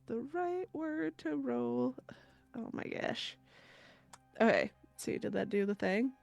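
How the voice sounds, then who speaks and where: A woman's voice: fairly high pitch, animated, takes it slowly, vocal fry, a little mellow, faint music behind. A woman playing a tabletop game, giggling and hesitant, often unsure of the rules. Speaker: player.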